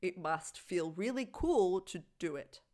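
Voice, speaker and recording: This is a woman in her thirties, co-hosting a casual podcast. She speaks in a slightly lower register and gets animated as she retells scenes. She breaks into laughs and little acted quotes as she goes. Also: a little slow. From Australia. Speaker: podcast co-host. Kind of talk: casual chat.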